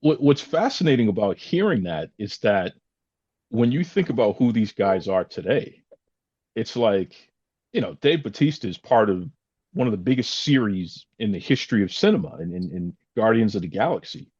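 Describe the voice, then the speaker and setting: A man's voice: fairly low pitch, animated, moderate pace, darkish tone, husky, no room sound, dull audio. A man hosting a podcast and reflecting on a guest's story in a casual way. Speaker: podcast host.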